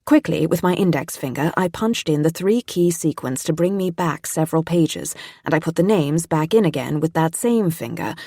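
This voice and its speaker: A woman reading a mystery audiobook in a tense, steady first-person narration. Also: fairly low pitch, no echo, studio quality.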